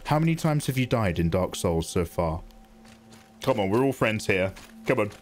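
Man, gaming streamer, lively sing-song pitch, chatty, jokey, faint game music. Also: moderate pace. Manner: chatty, excitable, jokey, thanks viewers. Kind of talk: live gameplay commentary.

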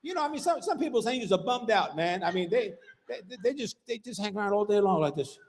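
A man's voice: sits high, expressive, fast talker. A man preaching a sermon as pastor, emphatic and rhythmic, throwing out call-outs like "Hello?" and "Huh?" to the congregation. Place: church sanctuary. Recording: long reverb of a church hall.

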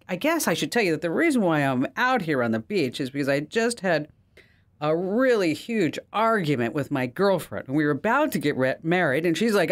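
A woman voicing an earnest, anxious man who pleads for a wish in a joke she tells. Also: high-pitched. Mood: pleading.

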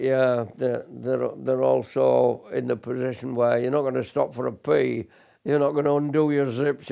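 A man's voice: medium pitch, vocal fry, a little mellow. An older man, a military veteran, recalling combat in a blunt, earnest documentary interview, often restarting his sentences. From Britain.

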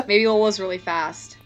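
A woman's voice: a little high, breathy edge. A woman co-commentating a video game, laughing a lot and reacting casually. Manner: laughs often, relaxed reactions. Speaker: let's play co-host.

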